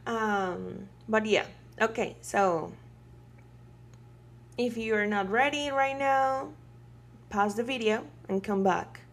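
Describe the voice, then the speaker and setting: A woman teaching a beginner language lesson, patient and explanatory, checking in with "right?" and pausing on fillers. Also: medium pitch, vocal fry. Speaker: Spanish teacher.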